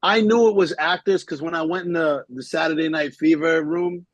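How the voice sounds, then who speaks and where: Husky young New rapper. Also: male voice, a little high, normal speed, no echo. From New York. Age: 20s. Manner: laid-back, slangy. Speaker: guest rapper. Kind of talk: casual chat.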